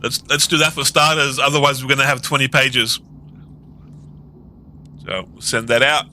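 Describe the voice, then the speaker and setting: A man live-streaming, chatting casually and slowly repeating viewers' questions word by word as he types them. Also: medium pitch, steady tone, sharp tone, slight background noise. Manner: slow, repeats questions word by word while typing.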